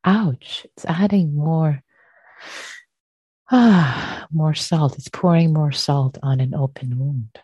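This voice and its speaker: A woman giving a gentle dharma talk as a meditation teacher, repeating phrases softly. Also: low-pitched, a little slow, husky, no echo.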